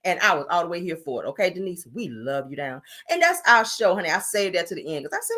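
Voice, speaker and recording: Woman, gossip host, sassy, animated, bright voice. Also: lowish voice, quick pace. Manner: sassy, animated, says "honey" and "child" a lot. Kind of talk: casual gossip commentary.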